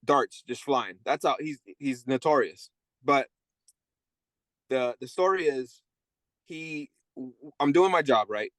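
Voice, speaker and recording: A man's voice: medium pitch, slow, pauses often, fairly bright tone. A man recalls his years as a correction officer, speaking candidly and at a storyteller's pace. His voice sits in an ordinary middle range. The recording is close and dry, with no room echo. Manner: candid, tells stories acting out inmates' voices. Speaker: guest, former correction officer. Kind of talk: storytelling interview.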